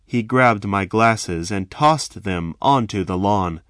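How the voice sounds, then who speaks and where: A man telling a first-person story in a slow, measured, dramatic way. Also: on the low side, expressive, fairly bright tone, no room sound, studio quality.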